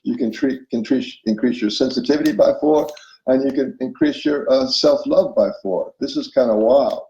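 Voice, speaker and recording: A man's dark, mid-range voice at a normal speed comes through dull audio in an echoey room. He's an interview guest explaining spiritual self-help, acting out inner voices and regularly checking in with his listener.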